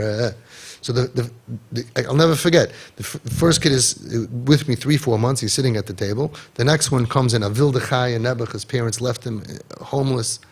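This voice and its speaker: Guy giving a fired-up inspirational talk, raspy and a bit rough around the edges, acts out the conversations. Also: mid-range voice. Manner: animated, acts out dialogue, repeats key phrases. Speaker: inspirational speaker.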